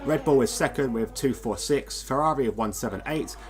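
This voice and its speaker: A man's voice: medium pitch, fairly quick. A man hosting live sim-racing commentary, chatty and rambling, reading out standings with self-deprecating asides. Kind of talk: live esports race commentary.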